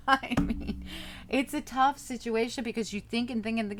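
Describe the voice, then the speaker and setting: A woman's voice: medium pitch, normal speed, slight background noise. A woman doing a casual tarot reading, chatting and thinking aloud as she turns the cards over. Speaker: tarot reader.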